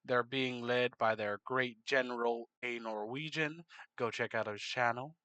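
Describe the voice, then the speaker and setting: A man narrating a map game in casual commentary, unhurried, muttering asides to himself. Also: mid-range voice, fairly even intonation, pushed and bright, smooth, dry recording, highs cut off.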